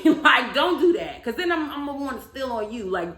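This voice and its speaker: A woman recapping a reality show in a casual, animated, chatty way, with emphatic storytelling. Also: on the high side, moderate pace, hardly any pauses. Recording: echoey room.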